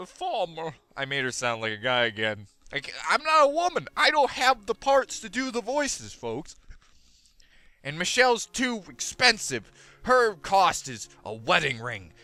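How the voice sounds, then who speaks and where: A man's voice: on the high side, bright, forceful tone, no echo. A man with a goofy, self-mocking manner, rambling through casual gaming commentary into a headset mic. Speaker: let's play host.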